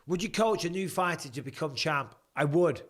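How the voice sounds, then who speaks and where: With a voice on the high side and lively intonation, this man in his forties talks at a normal speed while hosting live fight commentary from home. He's chatty and jokey, reading viewer questions aloud and answering them.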